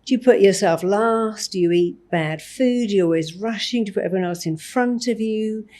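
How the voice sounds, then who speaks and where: A woman's voice: medium pitch, normal speed. A woman guest in an interview, talking emphatically and acting out little examples as she explains. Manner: emphatic, animated, acts out examples. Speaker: therapist guest. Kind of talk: interview conversation.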